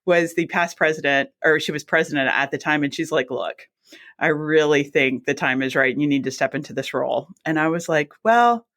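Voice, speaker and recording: A woman, a guest telling her career story in a chatty, animated way and acting out her own reactions. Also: low voice, brisk. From South Mississippi. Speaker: guest, anesthesiologist assistant. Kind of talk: casual storytelling interview.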